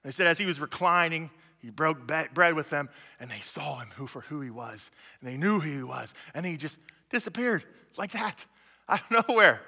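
Bright-voiced young preacher in a big hall. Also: male voice, fairly high pitch, lively intonation, moderate pace, creaky, slightly rough. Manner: storytelling, with casual slang and frequent restarts. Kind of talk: sermon. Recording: long hall reverb.

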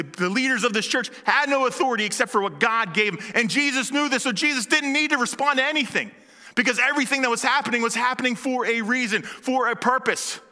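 High, bright-voiced man preaching a sermon. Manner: animated, conversational preaching. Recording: long hall reverb.

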